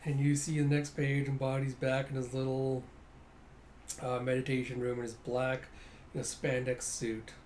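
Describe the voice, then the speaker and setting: A man's voice: medium pitch, completely flat delivery, moderate pace, darkish tone, slight background noise. Man casually narrating a comic. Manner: casual, narrates panels, reads lines aloud. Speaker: comic readthrough host.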